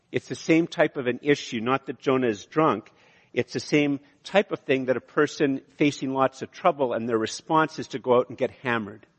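Pastor preaching in a hall. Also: male voice, mid-range voice. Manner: conversational, explanatory, many fillers. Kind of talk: sermon. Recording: lo-fi reverberant hall.

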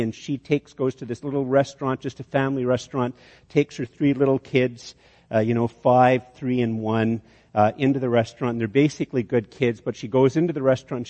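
A man with a medium-pitched, somewhat dark voice preaches a sermon, working through a long illustration with many restarts and rising to emphatic peaks. The recording sounds dull, with long hall reverb.

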